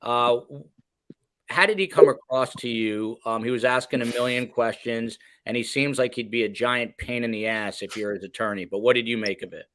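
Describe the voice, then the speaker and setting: A man's voice: mid-range voice, normal speed, a bit bright, dry recording. A man hosting an interview, joking and loose, asking questions with lots of fillers. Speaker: host.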